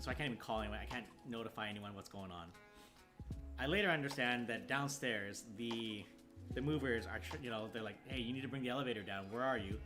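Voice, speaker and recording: A man casually telling a story as a streamer, acting out the lines of the people in it. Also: mid-range voice. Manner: animated, acts out the other people's lines in his story. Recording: music playing clearly behind.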